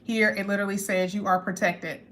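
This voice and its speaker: This is a tarot reader with a mid-range voice, giving a relaxed reading to camera. She keeps things chatty and lively, speaks right to her audience, and stresses key phrases by slowing down.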